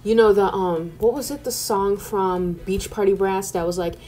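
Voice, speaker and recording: Faint music sits behind a casual voice-over recorded at home by an art YouTuber in her twenties. Her medium-pitched voice is dark and steady at a moderate pace, and her loose, rambling chatter is packed with "like."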